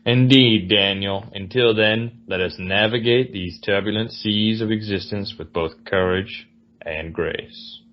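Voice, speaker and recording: Florid old-style Southern gentleman, a man doing the voice, genteel drawl, slow grand delivery, low-pitched, dull recording. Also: a little hiss or hum, close to an everyday voice. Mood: grandiloquent. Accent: put-on Southern genteel. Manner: grandiloquent theatrical reading, drawn-out.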